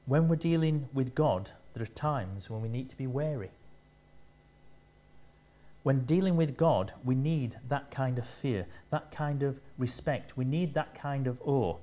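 A male preacher gives a sermon in a mellow, medium-pitched voice. He delivers it in short, measured phrases and presses harder on the lines he wants to land.

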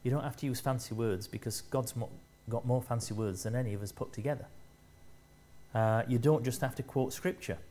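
A man preaching a sermon, speaking in short measured phrases and rising in force to stress key lines. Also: medium pitch, dark tone, slight background noise.

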